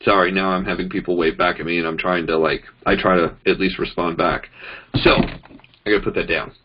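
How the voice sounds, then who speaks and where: A network marketing trainer gives a casual talk indoors while demonstrating on a phone, chatting animatedly and acting out his quoted conversations. He speaks fairly quickly in a low voice with a breathy edge, and the recording sounds lo-fi.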